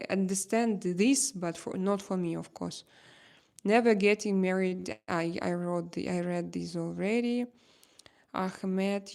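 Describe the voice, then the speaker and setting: A Russian woman with a Russian accent hosting a casual livestream chat, reading comments and pausing often to search for English words. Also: medium pitch, gravelly, a little mellow. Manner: halting, searching for English words, many fillers. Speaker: livestream host.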